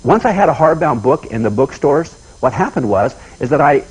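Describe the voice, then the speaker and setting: A man giving a motivational seminar talk, telling folksy personal stories in an animated way and often repeating himself. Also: medium pitch, normal speed, slightly rough, poor audio. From United States. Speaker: seminar speaker.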